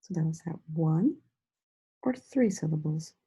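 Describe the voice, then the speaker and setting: A woman teacher giving a slow, sing-song lesson to young children, stretching out words and praising them often. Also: low-pitched, lively intonation, warm tone, husky, poor audio. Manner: encouraging, drawn-out words with frequent praise.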